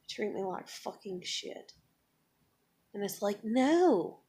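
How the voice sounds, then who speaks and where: A woman venting in a personal vlog, blunt and emotional, swearing often as she talks about her life. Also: breathy edge. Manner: acts out others in higher excited voices. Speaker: vlogger.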